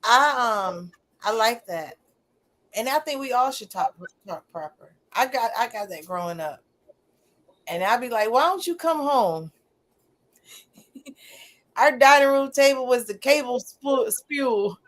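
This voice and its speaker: A woman co-hosting a show, chatting casually in an animated way. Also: fairly high pitch, a little slow. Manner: animated, laughs often. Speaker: co-host. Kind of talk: casual chat.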